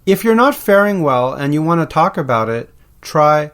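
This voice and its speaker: A man's voice: fairly high pitch, big pitch swings, normal speed, fairly bright tone. A man hosting a podcast, narrating from a script in a playful, explanatory way. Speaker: podcast host.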